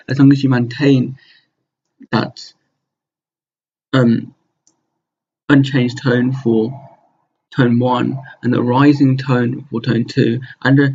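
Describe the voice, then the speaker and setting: A man teaching a recorded online language lesson over slides, relaxed and slow, with many pauses and fillers in a low, husky voice. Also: muffled recording, slight background noise.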